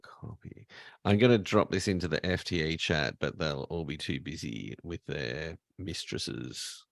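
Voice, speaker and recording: A man's voice: very deep voice, measured pace, gravelly, no room sound. A man co-hosting a casual livestream, laughing often and joking at his own expense. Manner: giggly, self-deprecating banter. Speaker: podcast co-host. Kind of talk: casual pre-show chat.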